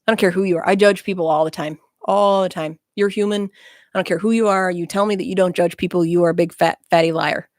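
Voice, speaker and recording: A woman's voice: on the low side, fairly even intonation, quick pace, darkish tone, no echo. A woman guest speaking frankly and bluntly in a casual interview chat, with self-mocking humor, in a small studio.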